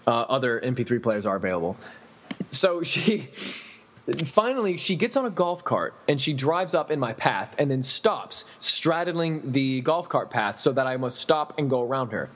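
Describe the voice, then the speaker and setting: A man's voice: mid-range voice, slightly rough. A man casually retelling a story, swearing and laughing as he acts out the people in it. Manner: laughing, profane, animated retelling. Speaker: podcast storyteller. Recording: dull recording with long reverb.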